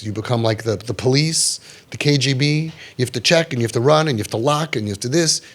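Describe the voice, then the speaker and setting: Gravelly man giving an impassioned talk. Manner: emphatic, repeats phrases, drops low for stress; mixes in Yiddish and Hebrew words. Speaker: parenting speaker.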